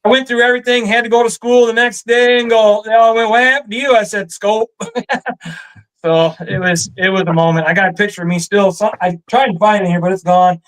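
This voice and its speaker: A man with a Michigan accent telling a hunting story in a relaxed chat, animated and laughing often. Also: sits high, fairly quick, low-quality recording. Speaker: guest storyteller. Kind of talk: casual storytelling.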